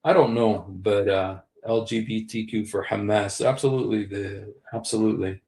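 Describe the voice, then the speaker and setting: Man in his 60s, casual livestream commentary, rambling and repetitive, gravelly, roomy echo. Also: on the low side, fairly even intonation, moderate pace, a little mellow. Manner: rambling, repeats key phrases, addresses viewers directly. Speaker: live streamer.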